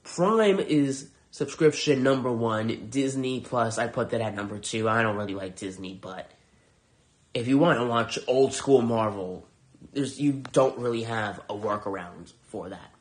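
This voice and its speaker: A man's voice: mid-range voice, measured pace. A man hosting a podcast, reviewing shows in a heated, profane, sarcastic rant. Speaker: podcast host.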